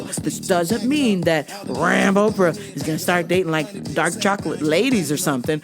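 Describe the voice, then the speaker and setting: A woman's voice: lowish voice, normal speed, few pauses, music in the background. A woman hosting a podcast, telling profane, joking stories in a casual comedic monologue and acting out sounds and voices. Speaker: podcast host.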